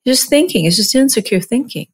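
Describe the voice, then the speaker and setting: A woman's voice: a little high, lively intonation, a little fast, slightly rough. A woman co-hosting a casual, reflective conversation, rambling with many restarts and fillers.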